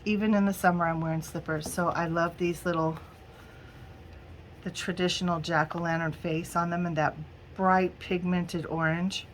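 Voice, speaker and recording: A woman's voice: on the low side, flat delivery, normal speed, slight background noise. Giggly woman chatting. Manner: chatty, giggly, addresses viewers as y'all. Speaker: crafting vlogger. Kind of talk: casual haul video.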